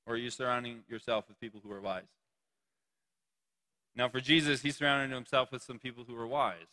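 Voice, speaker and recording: A man's voice: medium pitch, steady tone, fairly quick, bright, forceful tone, long reverb tail. A young man preaching a sermon to a youth group, playful and joking between points. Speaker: youth pastor.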